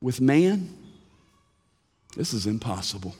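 Lively preaching man in echoing hall. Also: medium pitch, slow, slightly rough. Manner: animated preaching with sudden drops to a hush. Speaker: pastor. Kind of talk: sermon. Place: church sanctuary.

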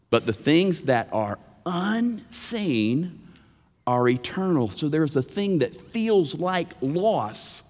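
A man preaching a sermon, swinging between hushed, slow phrases and loud, emphatic bursts. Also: medium pitch, in a large hall.

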